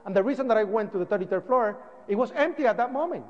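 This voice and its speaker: A man with a Puerto Rican accent telling his story as a public speaker, animated and acting out the voices of people in it. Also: high-pitched, rapid-fire, long reverb tail, lo-fi sound. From Puerto Rico.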